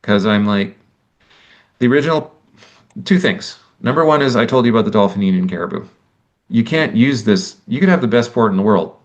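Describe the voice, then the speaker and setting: Guy giving a talk, lowish voice, gets worked up doing little back-and-forth dialogues, lots of restarts, kinda muffled audio. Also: a little fast. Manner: animated, exasperated, acts out imagined dialogues; many restarts and self-corrections. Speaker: lecturer. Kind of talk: conversational lecture.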